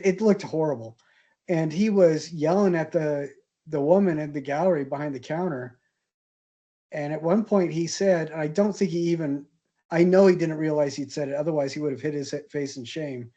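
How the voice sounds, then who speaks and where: Mellow-voiced man telling travel stories. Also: fairly high pitch, moderate pace, muffled recording. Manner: chatty, hesitant, laughs at own stories. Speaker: art history instructor. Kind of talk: casual anecdotal storytelling in class.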